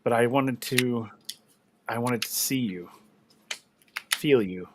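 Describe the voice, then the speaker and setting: A man voicing a soft, gentle female spirit, speaking tenderly and slowly with longing. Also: mid-range voice, noisy background, lightly acted.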